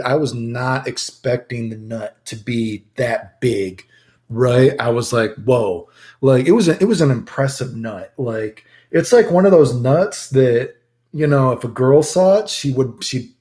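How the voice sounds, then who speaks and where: A man chats to his stream audience in a loose, rambling way, full of swearing and filler words as he acts out his own stories. His tone is dark and mellow. The sound is roomy and echoey. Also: mid-range voice, measured pace. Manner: profane, rambling, animated retelling with many filler dudes. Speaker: streamer answering chat questions. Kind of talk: casual storytelling to chat.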